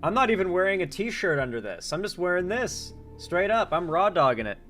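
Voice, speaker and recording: A man's voice: sits high, very animated, brisk, a bit bright, soft background music. A man chatting casually on a live stream, rambling and joking with many fillers. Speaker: streamer, political commentator.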